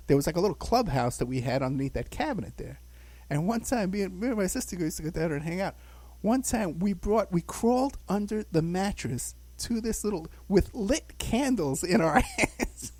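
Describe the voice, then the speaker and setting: A man's voice: sits high, lively intonation, a little fast, darkish tone, no echo. A man in his sixties from the Bronx, telling rambling childhood stories in a casual podcast chat, chuckling and saying "you know" a lot. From the Bronx, New York. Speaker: guest recounting his childhood.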